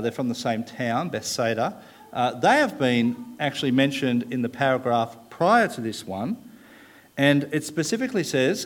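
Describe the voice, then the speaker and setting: A man delivers a sermon from the pulpit in a steady, mid-pitched voice. He talks things through thoughtfully and pauses often with "uh". He slows down to stress key words before moving on. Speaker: preacher.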